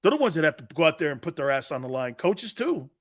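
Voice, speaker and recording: A middle-aged man hosting a casual sports talk show, loud and jokey, bursting into shouts. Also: a little high, sing-song, fast talker.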